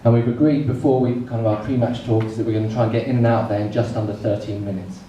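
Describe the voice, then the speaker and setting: Stand-up comic in an echoey room. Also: male voice, medium pitch, steady tone, mellow. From England. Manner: storytelling with comic pauses. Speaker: stand-up comedian. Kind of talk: stand-up comedy set. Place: comedy club stage in front of an audience. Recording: echoey room, mic far off, noisy.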